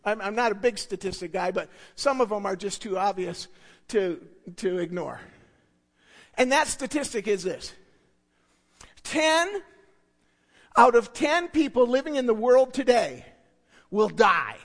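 A pastor with a strikingly high voice for a man preaches slowly and deliberately, letting long pauses hang. He swings from near-whispered asides to shouted declarations and hammers single words again and again. The sound carries the long reverb of a big church hall. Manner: emphatic, swinging from hushed asides to shouted points; repeats key words for effect. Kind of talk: sermon.

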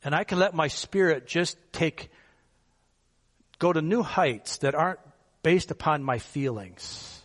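In a large hall, a male pastor with a slightly high voice gives a conversational sermon at a measured pace, asking rhetorical questions and chuckling from time to time.

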